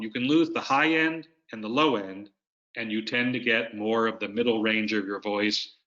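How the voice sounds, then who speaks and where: Webinar presenter, man, bright and forceful tone, coaching style, dull lo-fi video-call sound. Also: medium pitch. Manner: coaching, explains with demonstrations. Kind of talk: instructional webinar talk.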